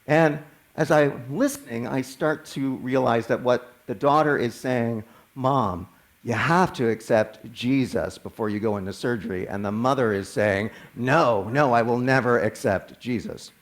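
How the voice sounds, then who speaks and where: A man's voice: mid-range voice, unhurried. A man, a minister telling a personal story in a sermon in a conversational way, often restarting words. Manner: conversational, animated when quoting others, frequent stammered restarts.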